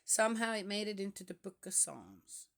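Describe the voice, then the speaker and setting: A woman's voice: mid-range voice, very animated, moderate pace, gravelly. Woman musing aloud over scripture. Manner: musing, hesitant, checks in with listeners by asking "yes?". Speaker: scripture reader. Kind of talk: reading psalms aloud with personal reflection.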